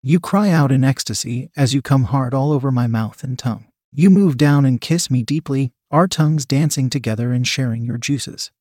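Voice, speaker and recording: A man calmly narrating a first-person erotic audio story in an intimate reading voice. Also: mid-range voice, no echo, studio quality.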